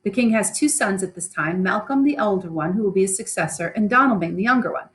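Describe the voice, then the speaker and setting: A woman's voice: mid-range voice, lively intonation, fast, rough recording. A woman teacher reading a play aloud and explaining it in chatty, plain modern words.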